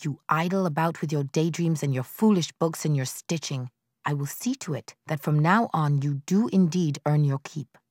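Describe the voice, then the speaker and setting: A woman reading aloud, voicing a harsh older mother-in-law who scolds in a shrill, raised voice. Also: moderate pace, darkish tone, no echo, studio quality.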